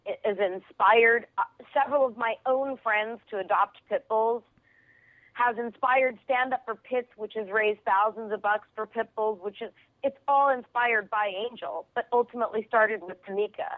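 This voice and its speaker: A woman comedian telling an animated story as a radio guest, acting out the people in it. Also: a little high, no echo. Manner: excitable, quotes people in her stories. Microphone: phone call. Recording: tinny phone line.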